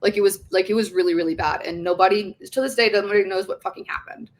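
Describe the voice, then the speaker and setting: A young woman in her twenties talks through a personal story as a podcast guest. She is loose and chatty, leans on "like" as a filler, and swears often. Her delivery is animated, and her pitch sits in a middle range for a woman. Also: quick pace. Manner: heavy use of "like" fillers; frequent swearing. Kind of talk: casual conversational storytelling.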